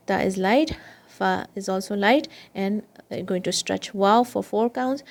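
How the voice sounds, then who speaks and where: A woman's voice: medium pitch, vocal fry. Patient woman teaching Quran recitation. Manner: patient, explains slowly, repeats recitation syllable by syllable. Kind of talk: children's Quran and tajweed lesson.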